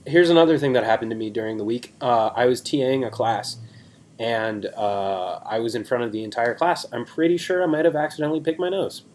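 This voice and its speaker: A man's voice: mid-range voice, fairly quick, darkish tone, a little hiss or hum. A young man in his twenties, a podcast co-host, chatting in a rambling, self-deprecating way on a video call. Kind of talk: casual chat.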